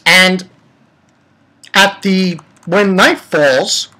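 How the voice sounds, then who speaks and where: A man's voice: high voice, very slow, pushed and bright. A young man giving a rambling, profane, casual recap of an anime episode, full of restarts. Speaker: anime reviewer.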